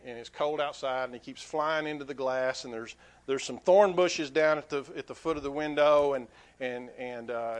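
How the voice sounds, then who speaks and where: A man preaching a sermon as pastor, telling a story earnestly with frequent restarts. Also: fairly high pitch.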